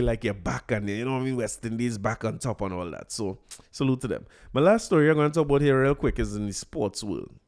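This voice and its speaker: A man's voice: medium pitch, a little mellow. Chatty Trinidadian man hosting a podcast. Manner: chatty, anecdotal, laughs often, dialect turns of phrase. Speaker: podcast host. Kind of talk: casual solo podcast talk.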